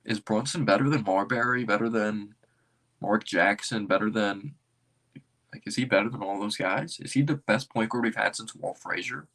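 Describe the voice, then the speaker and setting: A man with a fairly low voice hosts a casual fan livestream, rambling and thinking out loud. He keeps breaking into excitable bursts as he reacts to his team. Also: moderate pace. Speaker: basketball fan streamer.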